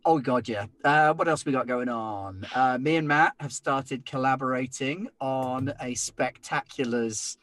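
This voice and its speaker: A man's voice: mid-range voice, measured pace, hardly any pauses, fairly bright tone. A man and game master chatting casually, in a playful, rambling way. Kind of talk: casual chat.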